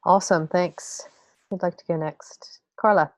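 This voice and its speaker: Woman facilitator, brief and encouraging, lowish voice, video call. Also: fairly even intonation, unhurried, a little mellow. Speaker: meeting facilitator. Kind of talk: running a meeting check-in.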